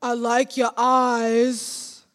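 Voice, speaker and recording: A brash street catcaller hollers compliments in a woman's performance, loud and coaxing in a sing-song lilt. The voice sits high and bright, and it drawls out its calls slowly. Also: completely flat delivery. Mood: flirtatious. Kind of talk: performed spoken-word poem.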